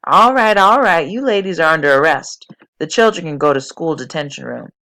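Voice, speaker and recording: A storybook reader voicing an exasperated police sergeant who talks loud and blustering. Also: mid-range voice, normal speed, gravelly, poor audio.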